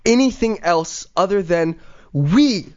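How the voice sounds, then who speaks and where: A man's voice: high voice, lively intonation, takes it slowly, darkish tone. A man hosting a casual podcast chat, talking in an eager, motivational way with plenty of fillers. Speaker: podcast host. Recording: dull lo-fi recording.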